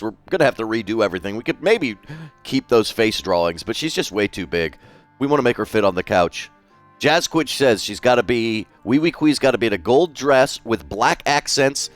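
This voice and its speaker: A man with a medium-pitched voice draws on a live stream, chatting casually, swearing freely and reading viewers' messages aloud. There's no echo on the recording.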